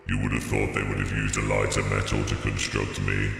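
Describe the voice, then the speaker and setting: Super deep gravelly robot guy, slow and mechanical, drenched in echo. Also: completely flat delivery, a bit bright, full character voice. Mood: boastful. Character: boastful steel robot, male. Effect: deep robot voice changer. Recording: heavy echoing reverb.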